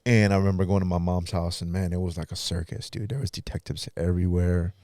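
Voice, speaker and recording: A man's voice: low voice, level tone, quick pace, mellow, no echo, studio quality. A pastor guest in a podcast interview, telling his own story in a casual, earnest way and acting out what others said.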